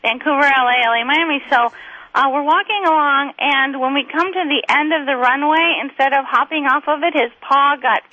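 High bright lady on a phone line, chatty middle-aged comedian, rambles and giggles. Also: brisk. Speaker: guest comedian. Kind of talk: chatty phone interview storytelling.

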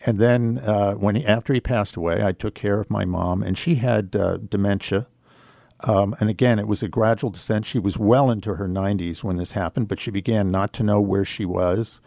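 An older man with a low-pitched voice tells a personal story on talk radio. He speaks in a measured, reflective way, pausing and hesitating as he goes. The sound is close and dry. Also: steady tone, gravelly, dark tone, no echo. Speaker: radio guest.

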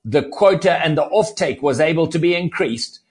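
Male guest, slightly raised pitch, measured explainer who restarts phrases. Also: animated. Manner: explanatory, repeats words when starting sentences. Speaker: conservationist guest. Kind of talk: podcast interview.

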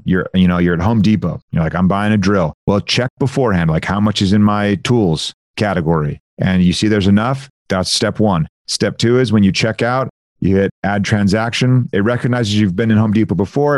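A man, a software founder, explains budgeting habits in a casual, animated interview. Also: fairly low pitch, dry recording, clean studio sound. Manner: animated, explanatory, lots of "like" and "you know".

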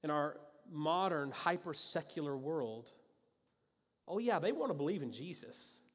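A man's voice: a little high, animated, measured pace. A man preaching a sermon as a pastor, talking in a conversational and emphatic way, with frequent restarts and asides. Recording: long reverb of a large hall.

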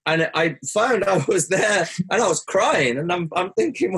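A man with a somewhat high, breathy and husky voice tells a personal story as a guest. He speaks earnestly and reflectively. When he quotes what he said or thought, his voice leaps sharply upward. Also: expressive, brisk, few pauses, fairly bright tone. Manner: earnest, rises sharply when quoting himself.

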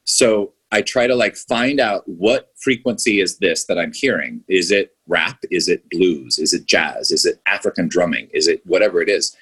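A man's voice: low voice, moderate pace, few pauses, fairly bright tone, breathy edge. A male filmmaker chatting enthusiastically in an interview, rambling with frequent restarts. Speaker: filmmaker guest. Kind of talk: casual podcast interview.

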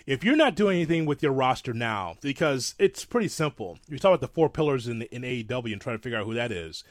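Casting: male podcast co-host, mid-pitched, animated rambling delivery, dry close mic. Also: fast talker, no echo. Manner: animated, rambling, self-described old-school fan. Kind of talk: casual wrestling talk.

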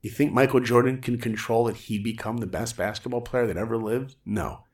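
A man's voice: medium pitch, steady tone, brisk, a little mellow. A middle-aged man on a podcast telling a story with energy, acting out the people in it with shifting voices. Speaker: guest. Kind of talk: animated storytelling in a podcast interview.

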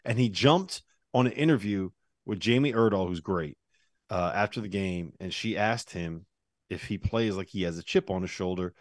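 A man hosting a casual sports talk show, with a brisk and wry way of talking. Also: sits low, dry recording, clean studio sound. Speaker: podcast host. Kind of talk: casual sports chat and read ad.

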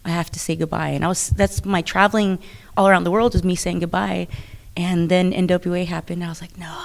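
Chatty woman wrestler, animated and laughing. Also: fairly low pitch, fairly quick, creaky. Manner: chatty, animated, laughs often, many restarts. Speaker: professional wrestler. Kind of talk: interview conversation.

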